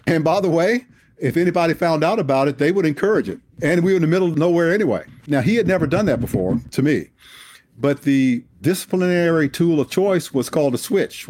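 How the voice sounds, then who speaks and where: A man in his sixties, a retired general, telling a personal story in an animated, emphatic way. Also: fairly high pitch, dry recording. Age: 60s. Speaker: guest, retired Air Force general. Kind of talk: storytelling in an interview.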